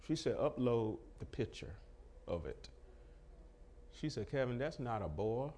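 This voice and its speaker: A man's voice: medium pitch, sing-song, measured pace, dark tone. A middle-aged man preaching a testimony sermon, acting out the dialogue and breaking into laughter as he tells it. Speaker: pastor.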